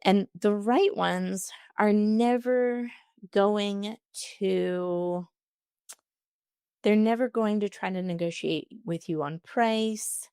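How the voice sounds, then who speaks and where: A woman's voice: medium pitch, takes it slowly, a little mellow, clean tone, no room sound, clean studio sound. A woman hosting a solo podcast, answering listener questions with upbeat, encouraging advice. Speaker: podcast host.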